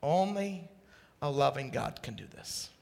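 A middle-aged male preacher from Idaho giving a passionate sermon, swinging from quiet confession to shouted exclamation. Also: on the high side, animated, measured pace, vocal fry, big-room sound.

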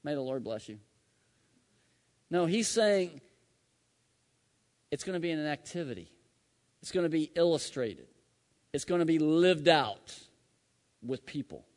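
Male pastor, slightly high voice, preaching a story-driven sermon in a church with long reverb. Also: lively intonation, unhurried, long pauses. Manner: storytelling, swings from loud to hushed.

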